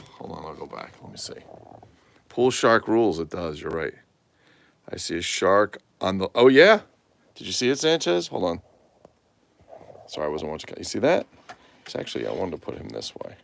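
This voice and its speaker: Tired, gravelly-voiced man rambling on a livestream. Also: low voice, a little hiss or hum. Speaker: toy collector livestream host. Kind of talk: casual livestream chat.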